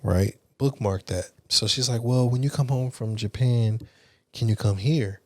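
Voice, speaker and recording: A young adult man, a podcast guest, casually telling a candid, animated story with frank language. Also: mid-range voice, unhurried, no echo.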